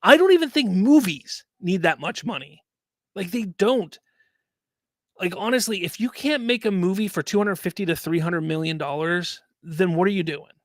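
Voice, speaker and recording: A man with a fairly high voice holds forth as host of his own casual commentary show. He rambles and circles back over the same points in an animated way, close on the mic. The sound is dry, with no room around him. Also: moderate pace, no room sound. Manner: animated, rambling, repeats himself.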